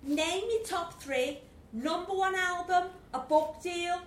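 A woman voicing a coarse, cocky male devil with a put-on Liverpool accent, gruff and mocking, in a storytelling reading. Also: very high voice, slow pace, slight background noise, pitched above the performer's own voice. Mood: brash, mocking. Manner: gruff, brash, sniffing, mocking. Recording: echoey room from a distance.

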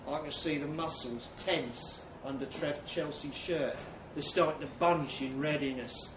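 A man's voice: medium pitch, a little slow, background noise. A man reading a crude comic story to a laughing audience, acting out blokes' lines with swagger. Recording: echoey room from far off.

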